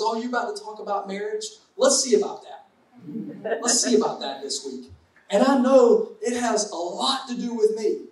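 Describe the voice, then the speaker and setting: A man's voice: high voice, darkish tone. A man preaching a conversational sermon to a congregation, with playful asides. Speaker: pastor. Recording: echoey hall from far off.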